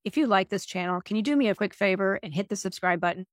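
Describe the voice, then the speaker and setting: A woman's voice: mid-range voice, quick pace, no room sound, clean studio sound. A woman podcast host making a direct, friendly appeal to listeners to subscribe.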